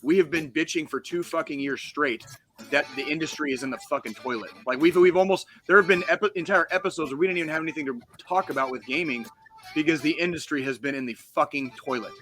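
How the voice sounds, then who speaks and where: A man's voice: a little high, fast talker, fairly bright tone, soft background music. A man from the United States co-hosting a gaming podcast, ranting heatedly and swearing constantly in casual chat. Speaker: podcast co-host.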